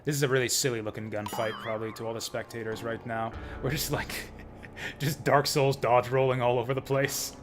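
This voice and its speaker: A man's voice: medium pitch, steady tone, brisk, faint music behind. A young man streaming a game and chatting casually, laughing and using lots of filler words. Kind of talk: casual gameplay commentary.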